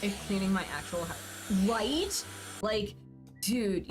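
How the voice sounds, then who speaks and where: A woman's voice: medium pitch, lively intonation, takes it slowly, over music. A woman casually chatting while streaming a game, rambling and answering her chat as she plays.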